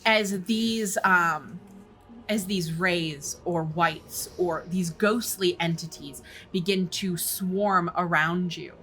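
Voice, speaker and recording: A woman's voice: fairly low pitch, slow, sharp tone. A woman narrating as game master of a horror tabletop game, describing scenes with frequent fillers.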